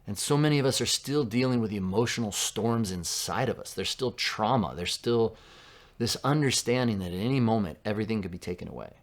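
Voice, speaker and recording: Low-voiced man preaching a casual sermon. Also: lively intonation, a little fast. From Southern California. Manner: conversational preaching, drops to a hush for quoted lines. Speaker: pastor.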